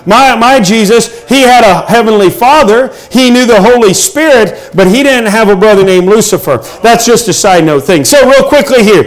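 A middle-aged male pastor delivers a sermon in an earnest, emphatic way. His voice sits notably high. He pauses and hesitates often between his points. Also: expressive.

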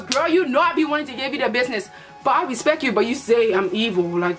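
A young woman from Liberia telling a lively storytime vlog, acting out her relatives' voices. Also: high-pitched, quick pace, faint music behind. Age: young adult. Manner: animated, playful storytelling with put-on voices for relatives. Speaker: vlogger.

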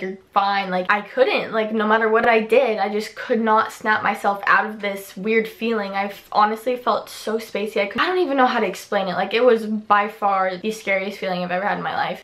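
A seventeen-year-old girl telling a storytime in a casual vlog, chatty and full of fillers and quick asides, in a small bedroom. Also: medium pitch, a bit bright. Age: teens. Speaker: vlogger. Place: small echoey bedroom indoors.

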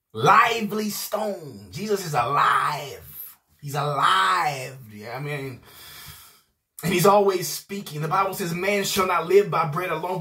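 A man's voice: a little high, fairly bright tone. Rowdy, emphatic preacher man. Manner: rowdy, emphatic, repeats "man" and "I promise you". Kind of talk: informal video sermon.

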